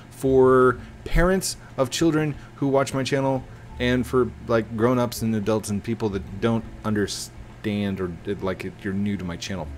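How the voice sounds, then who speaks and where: A man hosting a playful Roblox let's play, goofy and excitable, chatting to viewers and jumping way up in pitch when things go wrong. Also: a little hiss or hum. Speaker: gaming channel host.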